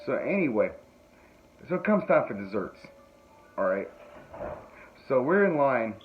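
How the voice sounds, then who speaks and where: A man's voice: mid-range voice, big pitch swings, a little slow, soft background music. A man hosting a podcast, telling a rambling comic story with frequent laughs and self-mocking asides. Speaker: podcast host. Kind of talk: comedic storytelling. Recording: phone-like tinny audio, faint noise.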